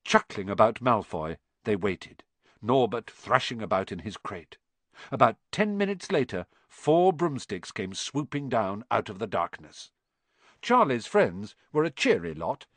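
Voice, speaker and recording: Male audiobook narrator with a lively, varied delivery who acts out the characters; dry close recording. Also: on the low side, unhurried, dry recording. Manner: expressive storytelling, acting out the characters. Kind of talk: scripted narration.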